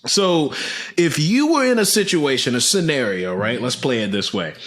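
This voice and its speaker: A man's voice: mid-range voice, big pitch swings, moderate pace, fairly bright tone. A man interviewing a podcast host in casual banter, slangy and laughing along. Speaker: interviewer, sales manager.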